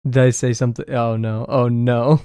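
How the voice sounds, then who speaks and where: A man's voice: mid-range voice, level tone, normal speed, warm tone, clear, resonant tone, no room sound, studio quality. A man chatting loosely and self-deprecatingly on a drawing livestream, his voice a little scratchy today. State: slightly scratchy voice. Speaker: art livestreamer. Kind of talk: casual live-stream chat while drawing. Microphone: desk mic, no camera.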